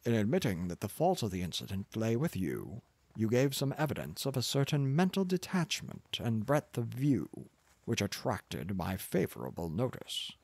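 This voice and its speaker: A man's voice: medium pitch, very animated, moderate pace, vocal fry, darkish tone, slightly rough, no echo, full character voice. A man voicing a pompous, arrogant older professor who lectures in a condescending manner. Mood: lecturing.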